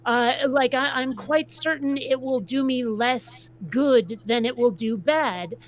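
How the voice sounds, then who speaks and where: A woman's voice: high voice, takes it slowly, slight background noise. A woman from Vermont venting bluntly in a casual group video chat, stumbling over her words as she restarts sentences. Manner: blunt, ranting, frequent restarts. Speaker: atheist video creator.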